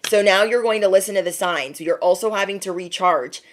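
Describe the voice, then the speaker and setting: A woman's voice: medium pitch, a little fast, slight background noise. A woman giving a spiritual tarot reading to camera, chatty, calling the listener bestie and slipping into exaggerated voices for people she quotes. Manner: chatty, calls the viewer bestie. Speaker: tarot card reader.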